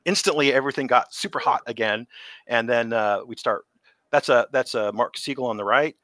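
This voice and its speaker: Middle-aged man, interview guest, animated storyteller who acts out quotes; bright voice, dry sound. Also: medium pitch, brisk, dry recording. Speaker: interview guest, creature suit performer.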